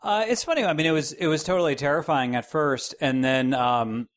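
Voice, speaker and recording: A man guest on a podcast, talking in a self-deprecating, jokey way with animated bursts. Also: fairly high pitch, brisk. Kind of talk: casual chat.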